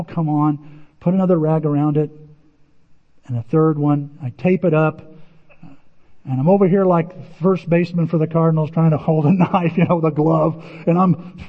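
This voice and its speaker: A man telling a self-mocking personal story as a sermon, animated and acting out his own reactions. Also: a little high. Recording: dull, echoey large hall.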